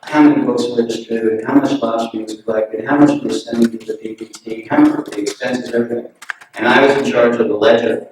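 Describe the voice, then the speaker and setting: A man giving an anecdotal remembrance at a memorial gathering, telling relaxed stories and chuckling often. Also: medium pitch, a little fast. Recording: very echoey hall, distant mic, noisy.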